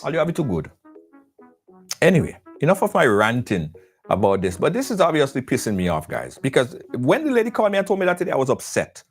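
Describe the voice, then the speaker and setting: A man's voice: mid-range voice, huge pitch swings, fast talker, husky. A man hosts a call-in talk show in a heated, preachy rant. His voice swings widely up and down as he scolds. Faint music plays behind him. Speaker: radio show host.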